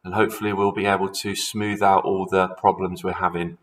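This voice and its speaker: A man's voice: sits low, little pitch movement, brisk, rough recording. A man who teaches primary school, reading a children's story aloud expressively and talking to his pupils.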